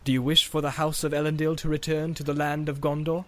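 A man's voice: level tone, natural voice. A man voicing a weathered, solemn ranger in a read-aloud story. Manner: low, measured, solemn. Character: weathered grave ranger man, calm heir.

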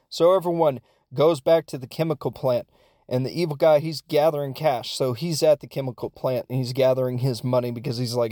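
A man's voice: medium pitch, fairly even intonation, fairly quick, warm tone. A man recapping a foreign film in a rambling, jokey way with lots of asides. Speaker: film reviewer.

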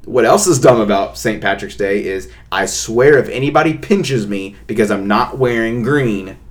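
Animated ranting young man. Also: fairly low pitch, moderate pace. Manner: playful ranting, animated outbursts. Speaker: podcast co-host. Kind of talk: casual chat.

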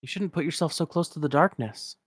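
A man's voice: fairly high pitch, brisk, slightly rough, no room sound, clean studio sound, pitched above the performer's own voice. A man voicing a young woman warrior, firm and concerned.

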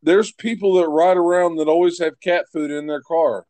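A man's voice: on the high side, fairly even intonation, darkish tone, no room sound. A man talking in a casual podcast chat, blunt and profane, often restarting his sentences. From West Virginia. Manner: blunt, swears freely, halting restarts.

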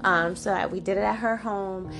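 A woman in her forties hosting a podcast, telling a personal story in a chatty, animated way full of "like" and "you know". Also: medium pitch, moderate pace, vocal fry. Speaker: podcast host. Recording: music playing underneath. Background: background music.

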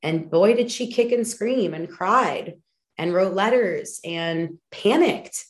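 A woman's voice: mid-range voice, slow. A woman hosting a podcast, talking candidly and emphatically about her own feelings, with casual swearing and frequent fillers. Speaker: podcast host. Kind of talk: personal reflective monologue.

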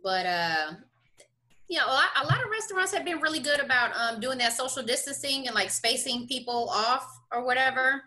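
A woman's voice: high voice, animated, brisk, bright, forceful tone. A woman in casual chat who talks bluntly and jokes with plenty of swearing.

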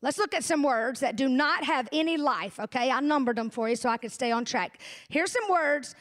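A woman pastor delivers a lively sermon. Her voice sits high, and she mixes homespun humor with direct questions to the congregation. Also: normal speed. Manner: animated, folksy, humorous preaching with audience asides.

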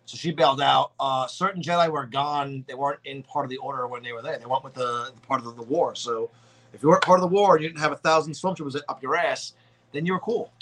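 A man's voice: mid-range voice, steady tone, fast, a bit bright, slight background noise, poor audio. A man co-hosting a casual podcast, blunt and joking, swearing freely. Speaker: podcast co-host. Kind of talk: casual profane chat.

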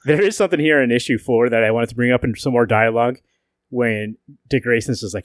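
A fast-talking man with a mid-range voice co-hosts a casual comic book podcast, swearing a lot and animatedly acting out quotes from the comics. The recording is clean studio sound with no room echo.

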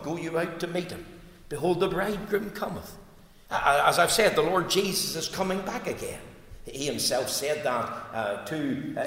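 A man preaching a sermon, swinging from loud emphatic cries to low earnest tones. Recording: echoey hall sound.

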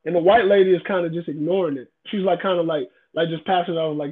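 A man's voice: a little high, lively intonation, quick pace, few pauses. A man in a casual debate, emphatic and profane, often repeating himself. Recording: tinny phone-like sound.

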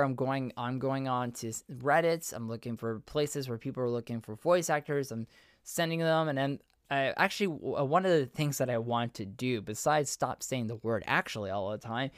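A man's voice: mid-range voice, no room sound, clean studio sound. A man hosting his own podcast, talking earnestly and rambling as he corrects himself mid-sentence. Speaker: podcast host and voiceover artist. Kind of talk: casual solo podcast monologue.

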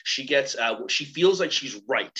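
A man talking as a guest trainer, telling animated stories and acting out the voices of kids and teachers. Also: medium pitch, a little slow. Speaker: guest, workshop trainer and keynote speaker. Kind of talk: storytelling interview talk. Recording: slightly muffled recording.

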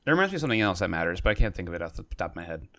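Laid-back low-voiced man chatting. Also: big pitch swings, racing, fairly bright tone. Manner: laid-back, rambling with many fillers. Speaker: podcast co-host. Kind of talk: casual chat.

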